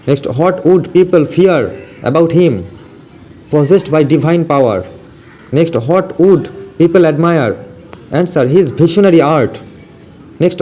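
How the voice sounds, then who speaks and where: A man with an Indian English accent teaching an exam-prep lesson, asking each question and then repeating its answer in a steady drill. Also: a little high. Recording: faint background noise.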